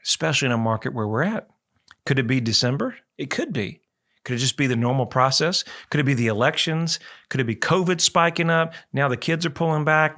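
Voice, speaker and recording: Chatty, bright-voiced male radio host. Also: medium pitch. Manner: rambling, chatty, folksy. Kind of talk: casual radio talk.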